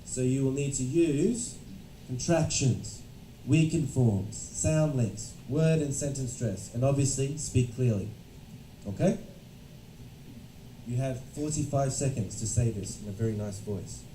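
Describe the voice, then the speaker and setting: Male teacher, instructive and repetitive, warm dark voice, recorded far off with faint room hum. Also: mid-range voice, a little slow. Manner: instructive, repeats "right?" to check understanding. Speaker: English test-prep teacher. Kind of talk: classroom lecture. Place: classroom. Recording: roomy classroom from a distance.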